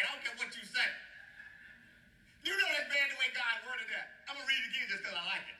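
Bright high-voiced pastor preaching in a roomy church. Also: male voice, lively intonation, fast, pauses often. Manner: call-and-response, urging the congregation to answer; playful, chuckles between phrases. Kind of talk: sermon. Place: church sanctuary. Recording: roomy, mic at a distance.

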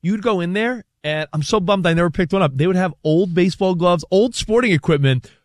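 Casting: male co-host, chatty and eager, slightly high voice, dry sound. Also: a little fast, no echo. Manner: chatty, enthusiastic tangents. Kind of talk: casual chat.

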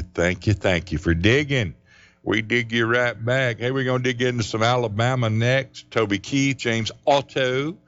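A deep-voiced man, hosting a country radio show in a folksy, rambling, jokey way. The broadcast sound is slightly muffled. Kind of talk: casual radio chat between songs.

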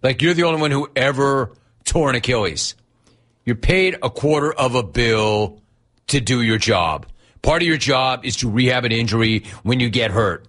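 A man's voice: medium pitch, moderate pace, a bit bright. A man hosting a sports radio show, ranting sarcastically and incredulously at a player. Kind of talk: ranting sports talk monologue.

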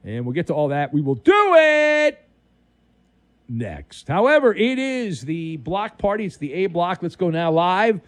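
A male radio host riffing through a late-night sports monologue, his pitch swinging wildly as he punches up the jokes. His voice sits a little high for a man. The studio sound is close and dry, with no room around it. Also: normal speed, few pauses, dry recording. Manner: animated, wisecracking delivery with dramatic emphasis. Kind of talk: overnight sports talk monologue.

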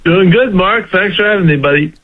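Male CEO guest, halting and friendly, phone-line sound. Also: sits high. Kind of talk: casual radio chat.

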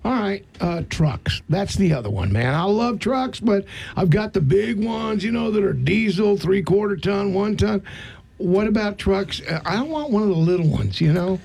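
A man hosts a radio segment in an excitable, joking way. His voice sits high and carries a gravelly edge. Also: normal speed. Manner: excitable, jokey. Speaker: radio host. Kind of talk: casual radio chat.

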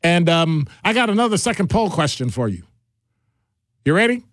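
Man voicing a radio talk host: lively, slightly high delivery, bouncing between topics, close dry mic. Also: normal speed, dry recording. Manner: animated, jumps between topics, playful asides.

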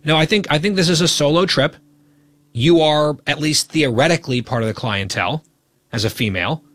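A man's voice: on the high side, a bit bright, dry recording. Teasing male radio host, dry studio sound. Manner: teasing, quick and playful. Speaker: radio talk show host. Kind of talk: bantering radio talk.

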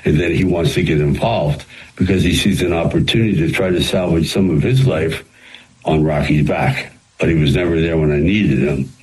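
Very deep-voiced man telling showbiz stories. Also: normal speed, low-quality recording. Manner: animated, rambling anecdotes with frequent restarts. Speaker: actor and screenwriter guest. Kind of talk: storytelling in a radio interview.

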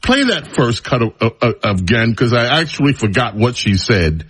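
A man's voice: mid-range voice, very animated, moderate pace, fairly bright tone, husky. A man hosting a talk radio show, speaking in a sarcastic, mocking monologue full of rambling asides.

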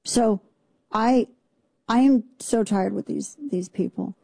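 A woman's voice: mid-range voice, takes it slowly, gravelly, dark tone, dry recording. A woman hosting a talk radio show, giving indignant, sarcastic commentary.

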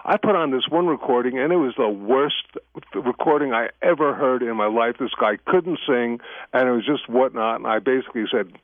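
A man's voice: medium pitch, fairly quick, dry recording. Guy phoning in as a radio guest, chatty storyteller, thin phone sound. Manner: chatty storyteller, laughs easily. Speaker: guest on a radio talk show. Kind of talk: casual radio interview. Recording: tinny phone line, dry.

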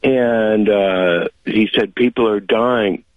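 A man's voice: fairly low pitch, slow pace, no room sound. Chatty male caller on a phone line. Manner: chatty storyteller, many fillers. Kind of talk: call-in radio talk.

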